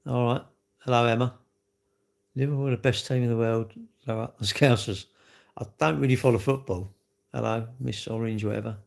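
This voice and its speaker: A man's voice: mid-range voice, fairly even intonation, fairly quick, gravelly, pauses often. A man chatting sarcastically with his live-stream viewers from home, mocking their comments. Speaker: livestreamer. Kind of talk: casual live-stream chat. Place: home, near his kitchen.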